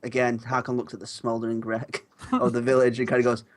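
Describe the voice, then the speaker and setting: A man's voice: mid-range voice, completely flat delivery, a little fast, a little hiss or hum. Hesitant man narrating his game turns. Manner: hesitant, many ums. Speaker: player.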